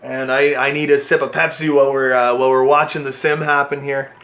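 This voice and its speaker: A man giving excitable play-by-play commentary on a hockey video game he is playing, cheering and groaning at his team. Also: mid-range voice, a little fast. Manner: excitable play-by-play, yelling at the players. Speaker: gaming channel host.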